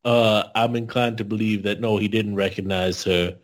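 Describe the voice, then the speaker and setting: A man's voice: fairly low pitch, steady tone, normal speed. A man co-hosting a podcast, giving a thoughtful, hedging take with frequent fillers. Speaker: podcast co-host. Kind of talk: casual podcast discussion.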